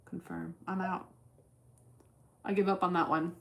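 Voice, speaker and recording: Lady streamer talking through her trades, kinda low voice, swears a lot, just thinking out loud. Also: little pitch movement, measured pace, gravelly. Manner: blunt, swears freely, thinks aloud while trading. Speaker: livestreamer trading stocks. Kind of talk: casual livestream chat.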